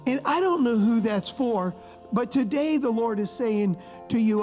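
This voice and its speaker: A male pastor with a strikingly high voice preaches to his church. He tells stories in a loose, joking way and keeps calling on the congregation to agree with him, while soft music plays faintly in the background. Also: lively intonation, a little slow. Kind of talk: sermon with storytelling. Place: church service.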